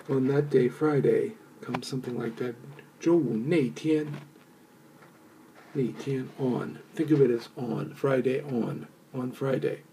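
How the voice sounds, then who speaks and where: In a recorded lesson with faint hiss or hum, a man with a gravelly, warm, mid-range voice teaches Mandarin. He works through the material step by step, using fillers and patiently repeating phrases so learners can echo them.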